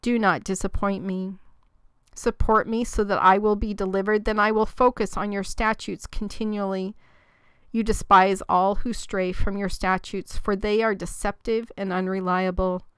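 A woman reading scripture aloud in a measured, even recitation. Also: medium pitch, clean tone, no echo. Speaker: scripture reader.

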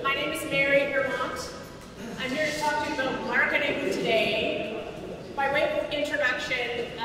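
Canadian woman speaking in an echoey hall. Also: fairly high pitch. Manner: chatty, self-deprecating, quizzes the audience. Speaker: speaker at a startup event. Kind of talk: conference talk. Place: large event hall. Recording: echoey hall from far off, noisy.

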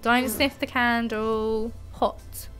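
Chatty woman streaming, soft music. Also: a little high, fairly even intonation, very slow. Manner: chatty, giggly, cooing over her cat. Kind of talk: casual live-stream chat. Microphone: desk microphone.

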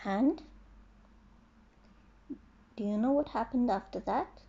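A woman narrating her own children's storybook in a slow, gentle reading. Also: fairly high pitch, gravelly, breathy edge, dull audio.

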